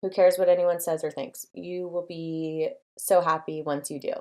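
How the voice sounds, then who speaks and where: Young woman host, low-ish voice, casual encouraging advice, filler-heavy delivery. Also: level tone, moderate pace, mellow. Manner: encouraging, chatty, lots of fillers. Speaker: design studio owner and channel host.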